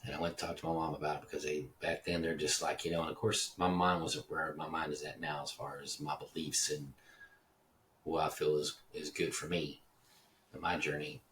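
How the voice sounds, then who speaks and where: A Texas-raised man with an extremely deep voice, talking in a loose, wandering monologue and swearing casually. The mic sits some distance away, with faint hiss underneath. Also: little pitch movement, brisk, a bit bright. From Dallas, Texas (Oak Cliff). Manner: rambling, digressive, swears casually. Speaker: podcast host.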